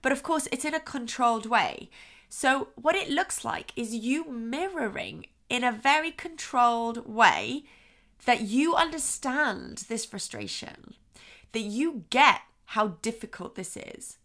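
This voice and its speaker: A woman's voice: a little high, a little slow. A woman hosting a parenting podcast, explaining advice and acting out short voice examples. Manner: expressive, acts out soothing and frustrated voices as examples.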